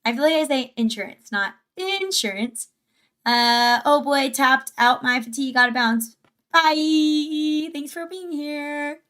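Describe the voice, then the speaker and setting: A woman's voice: sits high, steady tone, measured pace, fairly bright tone. A woman hosting a livestream, chatty and giggly, reacting to a video and reading chat aloud from a home setup. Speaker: livestream host. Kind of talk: casual livestream commentary.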